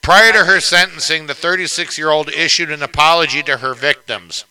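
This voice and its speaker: A man's voice: fairly high pitch, a little fast, sharp tone, clean tone, poor audio. A man hosting a casual podcast, reading news items aloud and riffing with crude jokes. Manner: joking, profane, reads news aloud then riffs.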